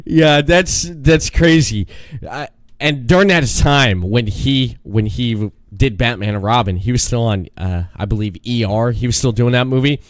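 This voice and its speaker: A young man calling in as a podcast guest, chatting in a laid-back, drawn-out way with chuckles. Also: medium pitch, dry recording, studio quality. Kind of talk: casual chat.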